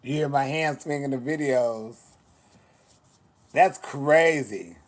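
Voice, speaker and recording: Sassy, slow-talking man on a livestream. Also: medium pitch. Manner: sassy, blunt, swears often. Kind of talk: casual livestream chat.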